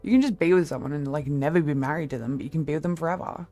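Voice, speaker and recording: A woman streamer chatting casually with her viewers, blunt and candid, with a lower-toned voice and a quick laugh. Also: dark tone, faint music behind. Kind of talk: casual live-stream chat.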